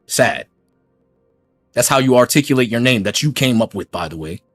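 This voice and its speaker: Animated mocking husky man ranting. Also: mid-range voice, moderate pace, no room sound, clean studio sound, faint music behind. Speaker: YouTube gaming commentator. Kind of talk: reaction rant.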